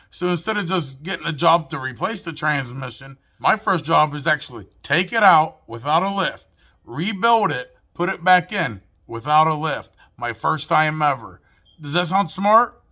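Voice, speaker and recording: A mobile mechanic telling his own story to camera in an animated, profane, self-mocking way. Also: fairly high pitch, unhurried.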